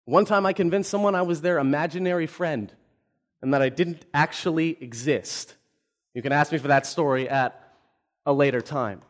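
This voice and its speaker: A man's voice: fairly high pitch, normal speed. A man in his twenties, a pastor, giving a sermon with personal stories told with humor. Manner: storytelling, self-deprecating humor.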